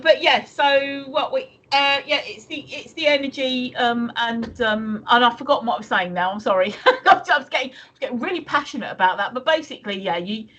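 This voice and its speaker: A woman's voice: on the high side, fairly quick, a bit bright. A woman from the UK co-hosting a live stream, chatting casually and rambling with many restarts. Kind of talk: casual chat reading viewer comments.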